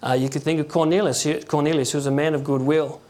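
A man giving an informal sermon in a halting, conversational way, often restarting his words and acting out quotes. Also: fairly high pitch, steady tone, darkish tone. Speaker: preacher.

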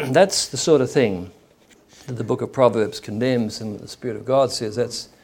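A man's voice: medium pitch, moderate pace, vocal fry, darkish tone, husky. A man preaching a sermon in a conversational way, acting out the people he quotes.

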